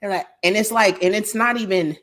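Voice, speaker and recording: A woman's voice: medium pitch, fairly quick, fairly bright tone. A young woman co-hosting a podcast, talking in a loose, frank way. She swears freely and laughs often. Her voice sits in an ordinary middle range. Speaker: podcast co-host. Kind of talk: casual chat.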